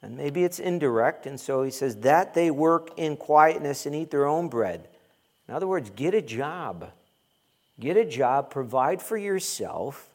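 A man's voice: fairly high pitch, big pitch swings, unhurried, husky. A man preaching a conversational sermon as pastor, joking and mimicking complaining churchgoers.

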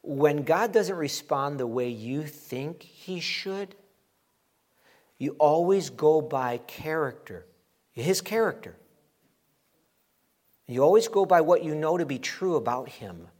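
A middle-aged man preaching with a voice pitched a little high for a man. He builds to emphatic peaks and slips into playful quoted voices as he makes his points. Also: animated, takes it slowly, long pauses, darkish tone. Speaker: pastor. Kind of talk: sermon.

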